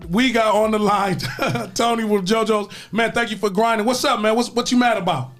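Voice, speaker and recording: A man's voice: high-pitched, steady tone, normal speed, a bit bright, soft background music. A man hosting a morning radio call-in show, joking and laughing loosely with callers. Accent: Midwestern American.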